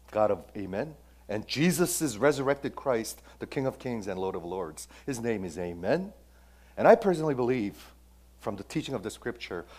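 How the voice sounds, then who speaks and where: Emphatic low-voiced male pastor preaching. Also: a little mellow. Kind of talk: sermon.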